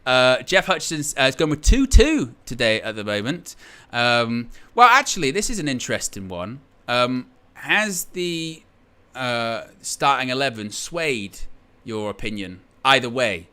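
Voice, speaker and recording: A man's voice: mid-range voice, very animated, measured pace, bright, forceful tone, smooth. A man hosting a live match-day stream, chatting casually in a rambling, jokey, sarcastic way.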